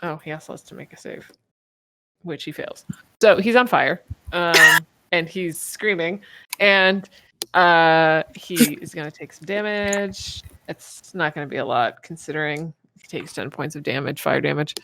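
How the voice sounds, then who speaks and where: A woman's voice: low voice, unhurried, bright, forceful tone, slight background noise. A woman narrating as game master of a tabletop game, rambling with lots of fillers and laughter.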